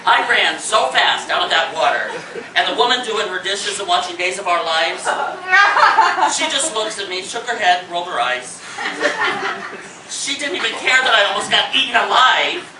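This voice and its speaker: A man spins a comic tale to a live audience in a theater, his voice high and lively. The sound is roomy and caught from a distance, with steady noise underneath. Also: normal speed. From Indiana. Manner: animated, acts out his panic, shrieks lines. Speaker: storyteller in a one-man show. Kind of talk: comic stage storytelling. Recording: roomy hall, mic from afar, noisy.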